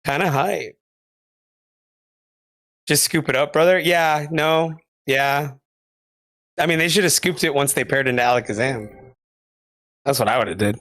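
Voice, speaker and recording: A man co-casting a live card game tournament, relaxed and slangy in casual chat. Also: fairly high pitch, a little slow, long pauses, no echo, clean studio sound. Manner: laid-back and slangy. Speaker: co-caster.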